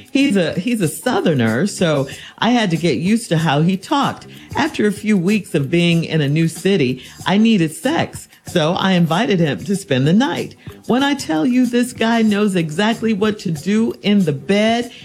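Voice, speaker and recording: A blunt woman host with a lively, swinging voice, reading letters and giving frank advice. Faint music plays beneath her. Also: lowish voice. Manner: blunt, incredulous, teasing.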